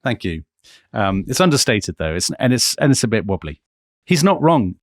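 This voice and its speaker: A man co-hosting a history podcast, telling the story with animated emphasis. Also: on the low side, normal speed, no echo, clean studio sound. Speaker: podcast co-host.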